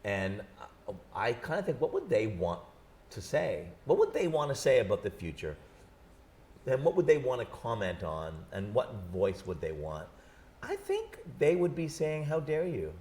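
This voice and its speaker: Animated man talking fast on set. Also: mid-range voice. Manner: animated, jokey, quick bursts. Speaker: author guest. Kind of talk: conversational interview. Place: studio set.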